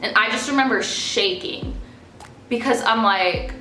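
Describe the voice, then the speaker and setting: Bright-voiced young woman, blunt and profane. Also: on the high side, sing-song, unhurried, slight background noise. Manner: blunt and profane, acting out quoted lines with rising emotion. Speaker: vlogger. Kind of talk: casual storytime monologue. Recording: echoey room with faint music.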